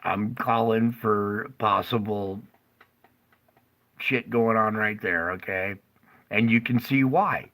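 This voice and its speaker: A man's voice: on the low side, fairly bright tone, poor audio. A middle-aged man casually explaining earthquake activity over a map, who keeps slipping into fits of laughter. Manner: slow, drawling, breaks into fits of laughter. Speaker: earthquake forecaster.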